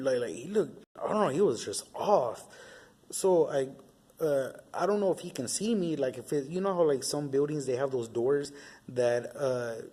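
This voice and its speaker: A man's voice: mid-range voice, mellow, breathy edge. A young man vlogging, casually retelling a wild story with slang and profanity.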